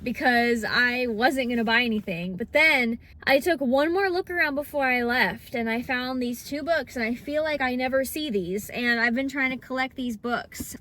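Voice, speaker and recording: A woman's voice: a little high, a bit bright. A young woman chatting casually in a book vlog, bubbly and full of fillers. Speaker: book vlogger.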